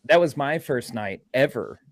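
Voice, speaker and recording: A man, a paranormal investigator guest, telling stories in a podcast interview and acting out quotes with excitement. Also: mid-range voice, moderate pace. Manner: excited, acts out quotes loudly. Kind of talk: animated storytelling in a podcast interview.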